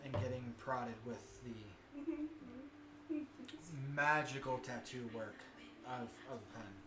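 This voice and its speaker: A man running a tabletop game as game master, narrating in a relaxed, rambling way. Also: medium pitch, slow pace, a crowd in the background. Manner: laid-back, rambling narration. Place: shared room with players. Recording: echoey room, background hiss.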